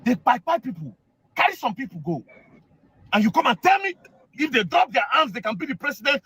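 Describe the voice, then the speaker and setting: A Nigerian man giving a heated, mocking commentary, repeating himself and slipping into Pidgin with loud outbursts. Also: very high voice, big pitch swings, brisk, slight background noise, low-quality recording. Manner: mocking, repetitive, shouting outbursts, switching into Pidgin.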